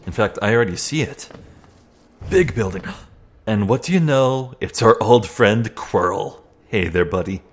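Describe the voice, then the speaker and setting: Slow-talking young man commenting on a game. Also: fairly low pitch, animated. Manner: chatty, self-deprecating, thinks aloud. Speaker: let's play host. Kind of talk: casual gameplay commentary. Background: faint game music.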